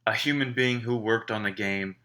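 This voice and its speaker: A man teaching a writing class, walking students through a reading with measured explanations and rhetorical questions. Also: lowish voice, pushed and bright.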